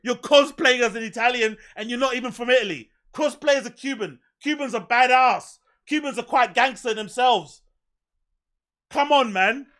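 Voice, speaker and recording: A man streaming a loud, profane, mocking rant in reaction to clips, often shouting. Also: very high-pitched, normal speed. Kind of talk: ranting reaction commentary.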